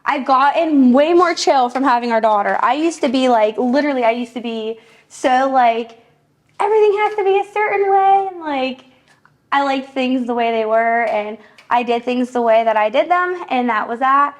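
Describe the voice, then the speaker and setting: A woman's voice: high voice, lively intonation, moderate pace. A young woman hosting a podcast, chatting casually while working out, out of breath and filling her talk with "like.". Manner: chatty, lots of "like" fillers. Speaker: podcast host.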